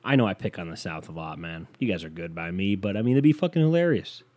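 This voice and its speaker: A man's voice: low voice, lively intonation, fast talker, darkish tone. A man from the United States doing a solo comedic rant, profane, rambling and self-mocking.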